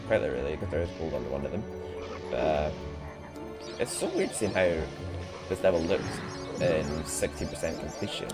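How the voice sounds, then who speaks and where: A man streaming casual gameplay commentary, chatty, laughing often and swearing. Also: very deep voice. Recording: game music underneath.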